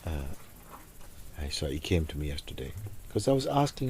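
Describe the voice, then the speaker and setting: A man speaks in a deep, low voice, telling a story to his listeners as a spiritual teacher. His tone is dark and mellow. He talks reflectively and softly, often dropping almost to a whisper, with a faint hiss of noise underneath. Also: very animated, brisk. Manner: reflective, soft-spoken, often sinks to near a whisper.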